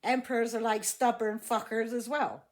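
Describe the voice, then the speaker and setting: A woman's voice: on the high side, little pitch movement, normal speed. A woman giving a casual tarot reading, blunt and exasperated, swearing heavily and laughing often. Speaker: tarot reader.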